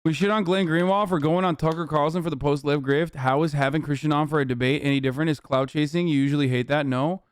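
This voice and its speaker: Profane, heated streamer man, crisp dry voice. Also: fairly high pitch, fairly even intonation, fast, hardly any pauses, dry recording. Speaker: streamer host. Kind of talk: casual livestream commentary.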